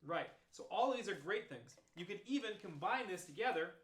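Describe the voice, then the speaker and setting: A man walks through trombone practice methods in a relaxed, explanatory teaching tone. His voice sits on the higher side for a man. The room gives it a noticeable echo. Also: fairly quick. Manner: relaxed, explanatory, talks through examples step by step. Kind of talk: demonstrating practice techniques. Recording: roomy echo.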